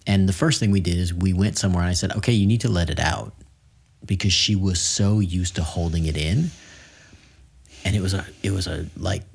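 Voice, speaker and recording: A middle-aged man with a fairly low voice, hosting a conversational podcast interview. He tells personal stories openly and slips in self-deprecating humor. His pace is unhurried. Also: gravelly, husky. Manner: candid storyteller, self-deprecating jokes. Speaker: podcast host.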